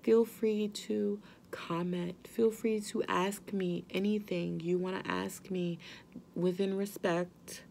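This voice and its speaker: A mother vlogging straight to her viewers, earnest and gentle, reassuring them that they are not alone. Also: mid-range voice, steady tone, slow pace, creaky, a little hiss or hum. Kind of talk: heartfelt direct-to-camera talk.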